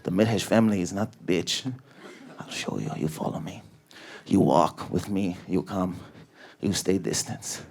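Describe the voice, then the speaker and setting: Comic doing his tough old-school dad, deep gravelly voice, barks orders. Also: unhurried, a little mellow. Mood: commanding. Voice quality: low gravelly voice with broken grammar. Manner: barked short commands. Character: gruff immigrant dad, tough, proud, commanding.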